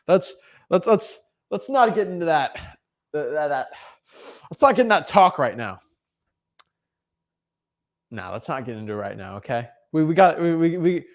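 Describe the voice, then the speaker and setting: Animated young man coaching, fairly high voice. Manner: animated, repeats and restarts words, laughs often. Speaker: real estate wholesaling coach. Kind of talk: casual motivational vlog talk.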